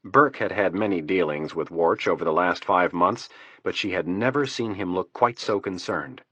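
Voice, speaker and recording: A male narrator reads a thriller audiobook at a steady, measured pace. His voice is low and husky, recorded close on a studio mic. The sound is dry, with no room echo. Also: dull audio. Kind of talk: scripted narration.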